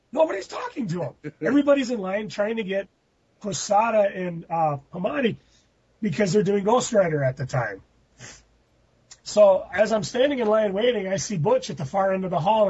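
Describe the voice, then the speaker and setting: A man's voice: high-pitched, sing-song, normal speed, darkish tone, husky. A man hosting a podcast, telling rambling anecdotes in a casual chat with laughing outbursts. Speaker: podcast host. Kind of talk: casual storytelling. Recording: muffled dry lo-fi recording.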